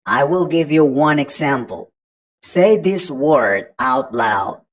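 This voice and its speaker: Woman English tutor, very low voice, slow and patient, walks learners through each point. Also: expressive, poor audio. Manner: patient, explains step by step to the learner. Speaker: English teacher. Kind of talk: online pronunciation lesson.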